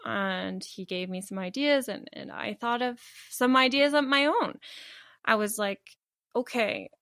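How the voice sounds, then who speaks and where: A woman's voice: a little high, unhurried, gravelly, a bit bright, no room sound, studio quality. A woman talking candidly in a casual conversation, laughing often and restarting her sentences.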